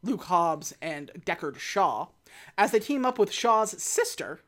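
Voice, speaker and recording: A woman's voice: fairly low pitch, big pitch swings, measured pace, fairly bright tone. A woman co-hosting a casual movie review chat, talking with lots of fillers and self-deprecating restarts. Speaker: podcast co-host reviewing movies.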